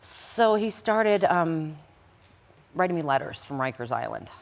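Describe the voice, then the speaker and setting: Low-voiced woman telling an animated story. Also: unhurried, creaky. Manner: animated, acts out quoted dialogue. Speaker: interview guest recounting past events. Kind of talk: emotional personal storytelling.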